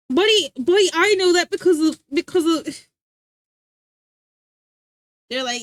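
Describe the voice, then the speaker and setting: High, animated American woman streamer. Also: dry recording. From United States. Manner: animated, rambling, quick to laugh. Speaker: livestreamer. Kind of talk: casual chat with viewers.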